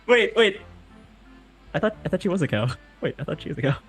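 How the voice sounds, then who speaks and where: A man's voice: high-pitched, very animated, fast talker, a bit bright, breathy edge, faint music behind. A man chatting casually while playing a game with friends, rambling and restarting his sentences. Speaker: let's-play player. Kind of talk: casual chat over a game.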